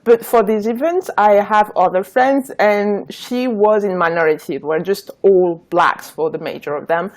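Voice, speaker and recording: Earnest woman, halting restarts. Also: medium pitch. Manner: earnest, hesitant, with repeated restarts. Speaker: guest. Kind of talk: casual live-stream conversation.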